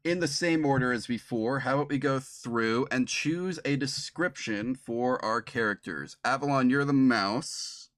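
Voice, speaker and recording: A man's voice: medium pitch, measured pace, few pauses, a bit bright, no room sound. Guy gming a ttrpg playtest, laughs a lot, kinda rambly, dead dry mic. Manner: laughing often, rambling restarts. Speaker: game master. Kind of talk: running a tabletop playtest on stream. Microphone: streaming mic.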